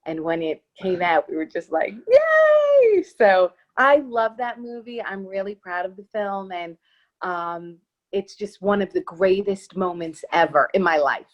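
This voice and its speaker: A woman's voice: fairly low pitch, measured pace, dull audio. A woman being interviewed as an actress guest, chatting casually in a bubbly, gushing way.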